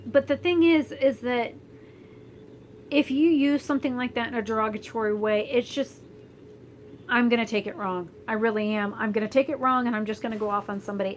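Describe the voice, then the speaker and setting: A woman's voice: a little high, a little fast, a little hiss or hum, poor audio. A young woman from Florida in a casual, rambling chat to camera, blunt and full of fillers and restarts. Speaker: vlogger. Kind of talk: casual chat while doing hair, reading live chat. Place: home, indoors.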